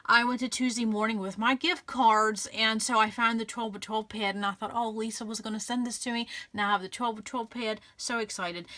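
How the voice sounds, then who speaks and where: A woman's voice: on the high side, pushed and bright. A woman hosting a casual scrapbooking vlog, gushing and grateful, chatting with lots of fillers and restarts. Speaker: scrapbooking channel host. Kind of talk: casual crafting vlog chat.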